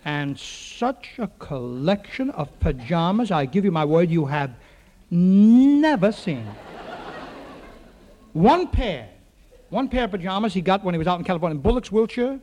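A man telling a rambling comic story to a live audience, full of quick punchlines and asides to the crowd. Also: sits high, a little hiss or hum.

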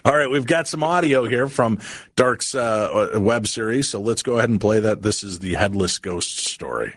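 A man hosting a late-night radio talk show from a studio microphone, speaking in a relaxed, conversational way with casual fillers. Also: on the low side, normal speed.

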